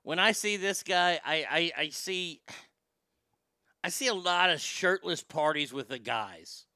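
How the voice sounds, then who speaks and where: A man's voice: fairly high pitch, measured pace, bright, forceful tone, smooth, no echo. A man hosting a comedy show, delivering a crude, rambling monologue. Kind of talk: stand-up style comic monologue.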